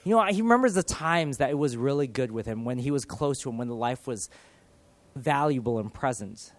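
A man in his thirties preaching a sermon, earnest and animated, swinging from loud emphasis to soft, quiet lines. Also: medium pitch, fairly quick, dry recording. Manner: earnest, animated, with dramatic shifts in loudness. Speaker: pastor.

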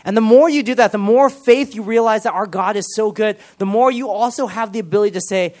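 A man preaches with earnest, animated energy, his voice sitting a little higher than most men's. He speeds up in eager bursts and stumbles over restarts as he pushes his point. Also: fairly quick, hardly any pauses. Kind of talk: sermon.

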